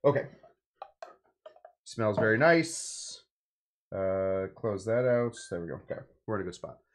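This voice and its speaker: A man's voice: on the low side, animated, unhurried. A man from California hosting a casual cocktail-making video, talking in a rambling, jokey way with playful asides. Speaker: cocktail show host.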